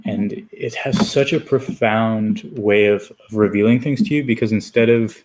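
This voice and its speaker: A man in casual conversation, calmly and thoughtfully explaining a group practice. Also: on the low side, normal speed. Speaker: community organizer. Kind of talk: casual chat.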